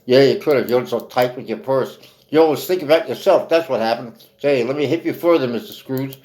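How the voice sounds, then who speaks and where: A man's voice: medium pitch, brisk, a little mellow, reverberant, natural voice. A male Christmas spirit scolds a tight-fisted miser in easy hipster slang, as a man puts him on. The voice stays close to the narrator's own. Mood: scolding.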